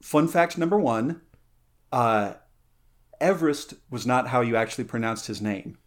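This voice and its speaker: A man's voice: medium pitch, lively intonation, moderate pace. A man hosting a casual podcast chat, playful and rambling, with lots of fillers, self-corrections and side tangents. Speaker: podcast host.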